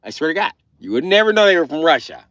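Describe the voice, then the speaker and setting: A man's voice: on the high side, very animated, fast, fairly bright tone, dry recording, muffled recording. Brash profane American man ranting. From United States. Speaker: livestreamer. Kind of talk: comic rant on a livestream.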